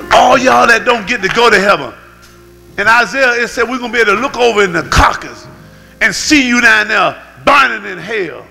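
A man pastor preaching a sermon, swinging between shouts and low growls. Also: animated, brisk, vocal fry, big-room sound, soft background music, rough recording. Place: church sanctuary.

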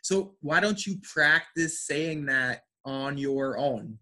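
A man teaching an online English pronunciation class, speaking slowly and carefully and praising students. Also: fairly high pitch, expressive, sharp tone. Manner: slow, careful enunciation with encouraging feedback.

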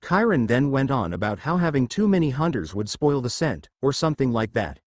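A man narrates a fantasy story in the first person, with a lively pitch that rises and falls through each sentence. The recording is close and dry, with no room sound, and he reads every character in the same steady voice. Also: brisk, few pauses, no echo.

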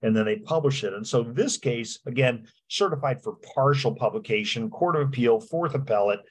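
A man teaching a real estate law class, talking in a halting way with lots of fillers and restarts. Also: medium pitch. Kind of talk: lecture with slides.

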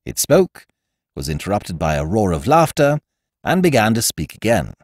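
A man and podcast host reading a classic comic story aloud in first person, with wry, expressive storytelling. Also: on the low side, normal speed, no room sound, studio quality. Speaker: audiobook narrator and podcast host. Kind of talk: scripted storybook narration.

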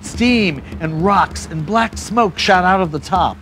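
A man reading his own picture book aloud, animated and expressive. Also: high-pitched, takes it slowly, noisy background. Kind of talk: storybook read-aloud.

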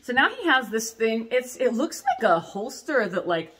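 A woman in her thirties walks through her corset designs in a casual vlog. She talks in an animated, chatty way, with asides that poke fun at herself, from a workshop under a tin roof. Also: a little high, normal speed. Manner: chatty, animated and self-mocking, with asides and laughs. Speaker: corset maker showing her collection. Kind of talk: casual product showcase vlog.

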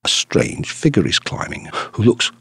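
A man narrating a classic detective story audiobook in an expressive storytelling manner. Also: normal speed, no echo. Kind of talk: scripted narration.

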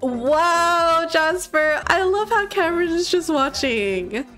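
A woman's voice: very high voice, expressive, slow pace, a bit bright, faint music behind. A young woman giving bubbly, exclamatory commentary while playing a life-sim game. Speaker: gaming content creator.

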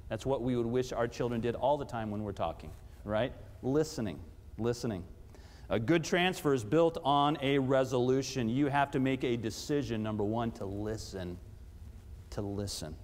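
A man, a pastor, preaching a sermon and putting questions to his congregation, his voice rising for emphasis. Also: mid-range voice. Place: church sanctuary. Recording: long church hall reverb.

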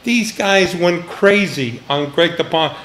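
A man's voice: sits high, unhurried. An older man, a retired agent, telling stories in a casual interview and acting out the voices of the people he quotes, laughing now and then. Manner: animated storyteller, acts out quoted voices, laughs often.

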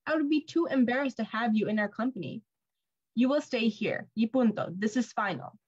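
A woman reading a storybook, voicing a cold, jealous stepmother who speaks in sharp, commanding tones. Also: fairly high pitch, fairly quick, breathy edge, dull audio. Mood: cold scorn.

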